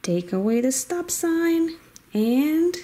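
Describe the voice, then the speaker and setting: A woman's voice: sits high, lively intonation, slow, warm tone. A woman playfully narrating a children's toy car game in a sing-song way, making car and animal noises.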